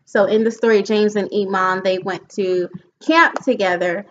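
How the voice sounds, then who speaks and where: A young woman, an education student, giving an earnest, halting book report presentation and mixing reading with comments. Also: medium pitch, steady tone, a bit bright. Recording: dull lo-fi home recording with faint noise.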